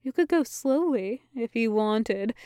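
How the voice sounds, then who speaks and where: Sinister whispery voice in the head, male, put on by a woman, slow hissy coaxing. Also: on the high side, animated, dark tone, clean tone, no echo, clean studio sound. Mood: menacing.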